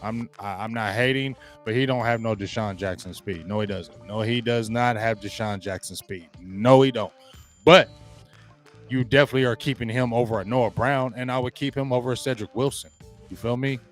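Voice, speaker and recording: A man hosting a live sports talk stream, loud and emphatic, ranting and greeting viewers in the chat. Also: mid-range voice, moderate pace, soft background music. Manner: trash-talking, loud and emphatic, greets chatters. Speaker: sports show host.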